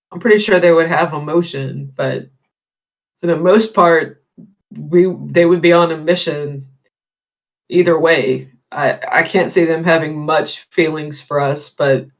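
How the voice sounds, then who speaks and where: A guest in a casual roundtable discussion, thoughtful and halting. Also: medium pitch, poor audio.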